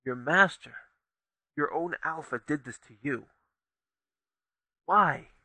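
A man's voice: a little high, slow pace, bright, forceful tone, no room sound, full character voice. A man voicing an earnest young shaman. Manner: earnest and urgent. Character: young male shaman and village leader, urgent and caring.

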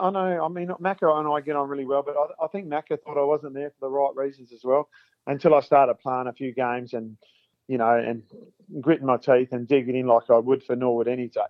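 Muffled and dry, the recording captures a medium-pitched former footballer telling lengthy interview stories. He's chatty, says things more than once, and plays out old conversations as quotes.

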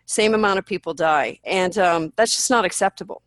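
A woman's voice: on the low side, fairly quick, no echo. A woman guest in a candid interview, talking bluntly and with animation, swearing freely and acting out what people say. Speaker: podcast guest.

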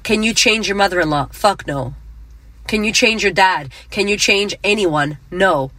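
A woman's voice: medium pitch, measured pace, a bit bright, no room sound. Blunt, profane woman podcast host. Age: middle-aged. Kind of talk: motivational podcast monologue.

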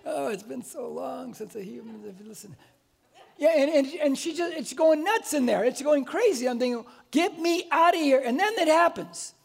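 A man in his sixties with a very high voice preaches to his church. He tells stories with a lot of life and acts out the people in them. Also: normal speed, creaky, slightly rough. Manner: animated storytelling, acts out voices. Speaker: pastor. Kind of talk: sermon. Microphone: wearing a mic.

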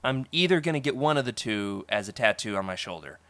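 A man's voice: lowish voice, fast talker, dry recording. Podcast host, man, upbeat and chatty, dry close sound. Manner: enthusiastic, animated, laughs often. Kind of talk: casual podcast chat.

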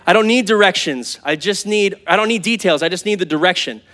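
A man in his thirties, a pastor preaching to a live congregation in a church, conversational and animated, calling out to the crowd. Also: sits high, fairly quick. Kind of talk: sermon.

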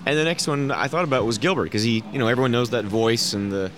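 A man, a documentary director, talking in a relaxed, conversational way as an interview guest. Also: mid-range voice, fast talker. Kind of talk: casual interview.

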